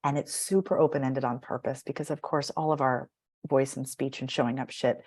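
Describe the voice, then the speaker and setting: A woman's voice: extremely low pitch, fairly even intonation, brisk, darkish tone, slightly rough. A woman speaking as a voice and speech coach in a podcast interview, animatedly demonstrating vocal patterns by acting them out.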